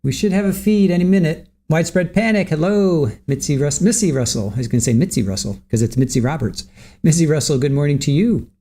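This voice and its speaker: A man's voice: on the high side, quick pace, mellow. A man hosting a livestream, greeting viewers from the chat by name and chatting casually while waiting for court to start. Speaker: livestream host.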